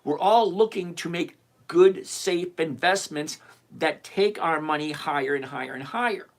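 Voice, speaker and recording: A man's voice: a little high, measured pace. An older retired man hosting a live stream, chatting casually and emphatically as he answers viewers by name. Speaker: livestream host answering viewer questions.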